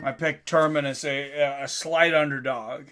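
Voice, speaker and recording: A man doing casual live commentary on a fight for his stream chat, getting louder and more excited at big moments. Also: fairly high pitch, unhurried, clean tone.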